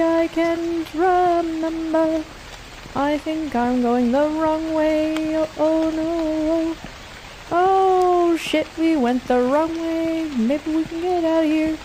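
A woman streaming a game, talking to herself in a playful, sing-song way and getting loud and excited. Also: sits high, a little hiss or hum. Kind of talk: casual gaming stream commentary.

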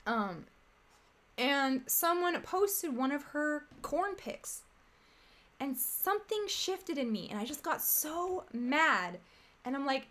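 A woman's voice: high-pitched, expressive, slow, a bit bright. A woman hosting a casual commentary stream, talking in a rambling, exasperated, chatty way. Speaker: streamer host.

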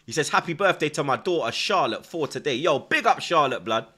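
Young man, watchalong streamer, bright pushy tone, heavy slang, constant shout-outs. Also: fairly high pitch, lively intonation, a little fast, slightly rough. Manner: slangy, repeats "blood" and "you get me"; shouts out viewers from the chat. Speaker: livestream host. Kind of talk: football watchalong chat.

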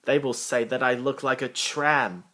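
A man's voice: mid-range voice, fairly even intonation, a little slow, sharp tone. A man reading a storybook aloud and voicing a polite little tank engine who sounds a little sad.

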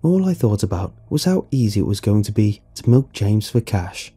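Man, horror story narration, very dark tone, husky, lively pitch movement. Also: moderate pace, faint music behind.

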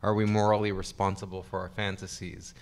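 A man's voice: deep voice, flat delivery, fairly quick, smooth. A man moderating a convention panel, asking thoughtful questions in an agreeable, slightly hesitant way. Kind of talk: panel interview.

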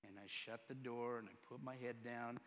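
A pastor in his fifties preaching a sermon, firing rhetorical questions and swinging between loud and soft. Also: medium pitch, fairly even intonation, moderate pace. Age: 50s. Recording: long reverb in a church hall.

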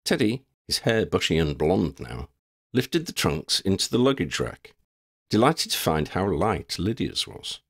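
Lively low-voiced man reading a story. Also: measured pace, breathy edge, no room sound, studio quality. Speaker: audiobook narrator. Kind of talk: storybook narration.

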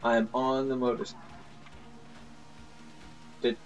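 A man doing let's play commentary, excitable and laughing, yelling at his teammates. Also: mid-range voice, slow, far from the mic, faint music behind. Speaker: gaming YouTuber.

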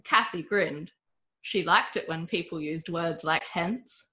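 Woman reading a storybook, lively and bright, expressive. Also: lowish voice, slow pace. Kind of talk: storybook narration.

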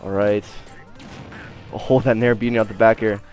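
A young man giving live game commentary, excitable, swearing and shouting when play gets tense. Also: lowish voice, moderate pace, faint music behind. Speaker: esports commentator.

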